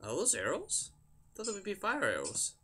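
A young gamer casually comments on the game he's playing, chanting repeated words under his breath while music plays in the background. His high voice swings wildly in pitch, moving a little fast with a sharp tone and breathy edge.

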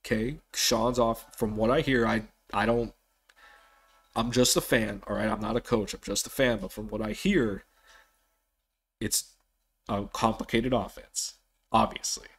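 A man hosting a casual solo sports podcast, rambling with frequent restarts and animated bursts of excitement. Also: on the low side, measured pace, long pauses, breathy edge. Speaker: podcast host.

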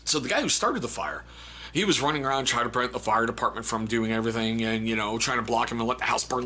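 A man's voice: medium pitch, fast talker, bright, forceful tone. A man hosting a casual book review video, reading funny excerpts aloud and laughing often. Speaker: book review channel host.

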